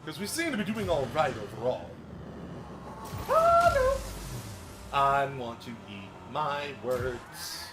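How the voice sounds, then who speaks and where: A man streaming a racing game, commenting casually, swearing often and breaking into yelps and shouts. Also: mid-range voice, a little slow, few pauses. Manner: excitable, swears a lot, bursts into yelps and shouts. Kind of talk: live gameplay commentary. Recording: noisy game stream audio.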